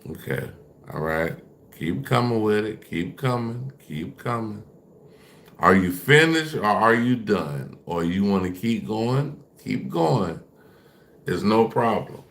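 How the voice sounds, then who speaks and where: A man's voice: lowish voice, expressive, slow pace, vocal fry, a bit bright. A man on a casual livestream, taunting and dismissing his chat while repeating himself.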